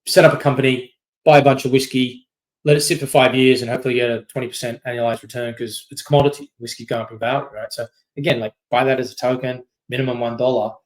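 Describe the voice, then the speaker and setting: A man giving a long, informal presentation, speaking in quick loose bursts. He leans on fillers and keeps checking in with "right?". His voice sits at an ordinary middle pitch for a man. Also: level tone, poor audio. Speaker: company CEO giving a masterclass. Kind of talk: casual presentation talk.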